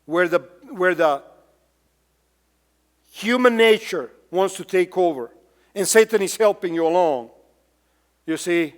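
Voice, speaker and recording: Male pastor with a high voice, preaching emphatically in a reverberant church hall. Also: animated, unhurried, long pauses. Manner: emphatic preaching with repeated rhetorical questions. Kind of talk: sermon. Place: church sanctuary.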